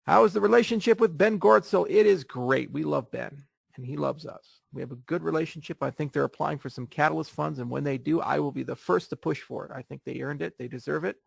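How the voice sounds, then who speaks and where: Blunt, joking male host with a gravelly, husky voice. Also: on the high side, fairly quick, dry recording, clean studio sound. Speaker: host answering viewer questions. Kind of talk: casual livestream Q&A.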